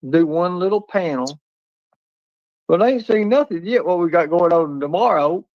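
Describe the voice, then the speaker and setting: A man's voice: high-pitched, animated, moderate pace, dry recording. A man co-hosting a casual livestream chat, rambling and often stammering and restarting. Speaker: livestream co-host. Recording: dull lo-fi stream audio.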